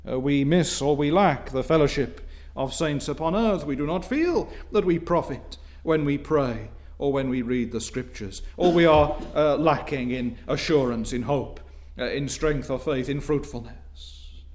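A man preaching a sermon in formal, old-fashioned wording, dropping to soft low asides and climbing to stressed, emphatic phrases. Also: unhurried.

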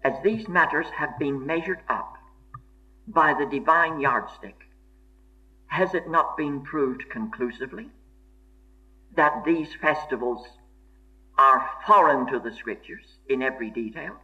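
A man's voice: on the high side, unhurried, long pauses, bright, forceful tone. A man preaching a sermon in an earnest, emphatic way, repeating key phrases for stress. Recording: dull lo-fi sermon recording.

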